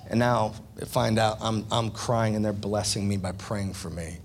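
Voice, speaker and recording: Gravelly-voiced man preaching a sermon. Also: lowish voice, steady tone, a little slow. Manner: earnest, confessional storytelling with restarts. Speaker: pastor.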